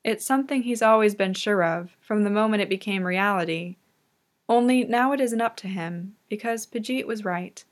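A woman reads a fan audiobook in a calm, measured narration. Her voice sits at a middle pitch for a woman. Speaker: reader.

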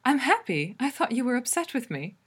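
A woman voicing a young alien princess who is eager and teasing, talking in a bright, coaxing, slightly smug way. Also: fairly high pitch, very animated, normal speed, slightly rough, pitched above the performer's own voice, heavily acted.

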